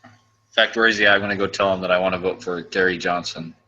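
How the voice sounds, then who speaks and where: Brief: low-pitched man, very bright and sharp tone, crude laughing banter. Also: fairly even intonation, fast talker, muffled recording. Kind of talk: casual voice chat.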